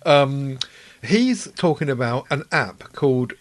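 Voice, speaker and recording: A man's voice: medium pitch, lively intonation. A man from North Wales co-hosting a podcast, chatting easily with frequent restarts as he reads listener messages. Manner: easygoing, halting restarts. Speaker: podcast co-host. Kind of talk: casual chat reading listener mail.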